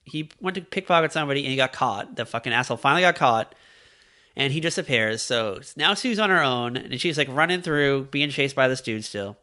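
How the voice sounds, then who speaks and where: A man co-hosting a podcast, casually recapping a children's book with lots of swearing and quick put-on voices for the characters. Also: medium pitch. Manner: profane, animated, puts on voices when retelling. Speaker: podcast co-host. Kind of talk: casual book-club chat.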